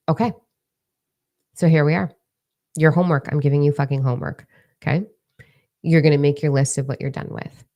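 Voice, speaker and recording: A woman mentor talking casually to her followers in a livestream, blunt, profane and energetic. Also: very deep voice, gravelly. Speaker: mentor and social media creator.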